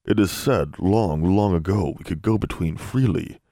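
A man's voice: low voice, moderate pace, mellow, no echo, clean studio sound, natural voice. A man voicing a young male elf who pleads earnestly in broken grammar. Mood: pleading.

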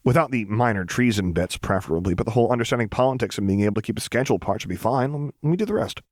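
A man's voice: mid-range voice, lively intonation, very fast, no room sound, studio quality, voice pushed up, natural voice. Give me a man playing an upbeat, mischievous young man, raised and light in tone, in a storybook reading. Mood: cheerful. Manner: bright, breezy, teasing delivery.

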